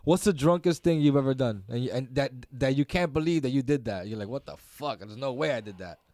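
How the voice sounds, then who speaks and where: A man's voice: medium pitch, expressive, brisk, warm tone, dry recording. A man hosting a podcast, telling a loose, profane story and laughing often. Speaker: podcast host. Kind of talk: casual chat.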